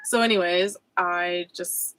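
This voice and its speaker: A woman's voice: on the low side, steady tone, slow, a bit bright, low-quality recording. A woman speaking as a spiritual coach in a personal vlog, candid and reflective, with frequent fillers and self-corrections. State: emotional.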